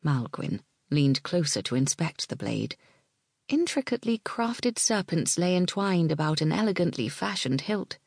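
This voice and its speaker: A woman narrating an audiobook in a measured, expressive way that dips into whispers. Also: sits low, gravelly, husky, no room sound, studio quality.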